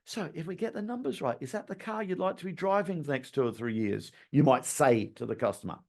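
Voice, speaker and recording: A man giving a sales training talk, lively and animated, acting out customers in high voices. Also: brisk.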